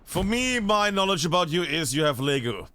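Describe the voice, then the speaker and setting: A man's voice: a little high, normal speed, a little hiss or hum. A man from northern Bavaria, a German speaker, giving chatty live commentary on a team shooter match as caster. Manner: chatty, animated, swears casually. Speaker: esports caster.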